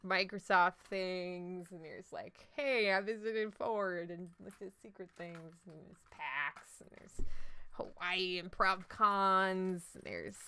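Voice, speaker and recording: A woman livestreaming a game, talking in a loose, jokey way and answering her chat. Her voice is bright and pointed, with a middling pitch for a woman. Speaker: livestream host. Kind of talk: casual let's-play chat with live viewers.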